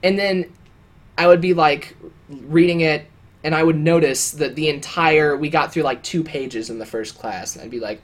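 This podcast co-host is a young man whose pitch sits fairly high and whose pace is moderate. Chatting casually, he rambles through a story, often restarting and leaning on filler words.

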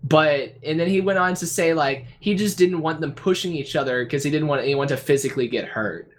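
A man's voice: fairly high pitch, a little fast. A young man co-hosting a casual podcast, telling a long story with lots of restarts and fillers. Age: young adult. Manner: rambling storytelling with many restarts. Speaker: podcast co-host. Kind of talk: casual chat.

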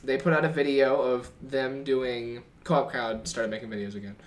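A man's voice: medium pitch, level tone, moderate pace. A young man co-hosting a podcast, chatting casually, teasing his friend and rattling off computer facts. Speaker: podcast co-host. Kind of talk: casual chat.

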